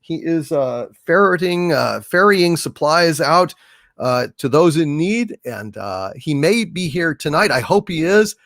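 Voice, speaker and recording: Animated man hosting a live stream. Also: a little high, no echo, studio quality. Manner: animated, halting, many fillers. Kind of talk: casual live stream chat.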